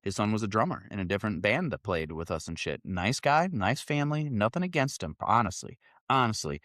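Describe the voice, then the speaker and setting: A man's voice: lowish voice, lively intonation, brisk, fairly bright tone, no room sound, studio quality. Exasperated, profane man in his thirties. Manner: profane, exasperated storytelling, acting out quoted exchanges. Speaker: podcast co-host. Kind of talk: casual chat. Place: studio.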